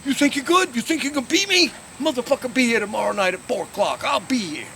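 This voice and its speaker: A man voicing a brash, profane, wealthy playboy who is always high and pushes people around, speaking much higher and louder than his own voice. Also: very animated, fairly quick, slight background noise. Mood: furious. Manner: pushy, profane, loud.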